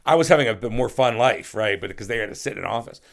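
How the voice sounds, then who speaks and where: A man's voice: mid-range voice, fast, gravelly. A middle-aged man who is a guest on a podcast, telling rambling, profane stories in a casual interview and acting out other people's voices.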